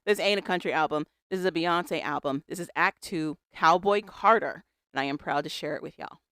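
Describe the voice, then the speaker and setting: A podcast co-host chatting casually about celebrity news, stopping to read a statement aloud and dropping wry comments along the way. The voice sits at a middling pitch and is picked up on a close mic in a dead, dry room. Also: normal speed, sharp tone, no echo. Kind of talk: casual pop-culture chat.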